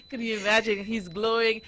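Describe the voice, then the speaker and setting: Bright-sounding radio host in the studio, laughs a lot, trips over words, mid pitch. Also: normal speed, poor audio. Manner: laughs often, stumbles over repeated words. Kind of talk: casual on-air chat with a young guest.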